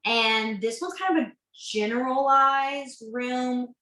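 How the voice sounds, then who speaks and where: A woman's voice: sits high, slow, pushed and bright, echoey room, rough recording. A woman teaching a beginners' sign language class, chatty and self-correcting, laughing easily. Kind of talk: online class instruction.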